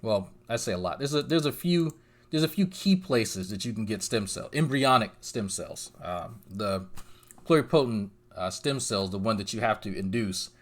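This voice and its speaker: A man's voice: fairly low pitch, lively intonation, moderate pace. A young man hosting a commentary channel, rambling casually and swearing often between chuckles. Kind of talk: casual chat.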